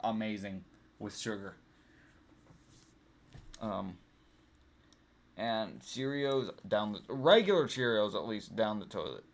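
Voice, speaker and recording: A man's voice: on the low side, expressive, slow pace, long pauses. A young man talking casually as he ranks things, rambling with many ums and restarts. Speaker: vlogger. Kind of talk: casual tier-list ranking chat.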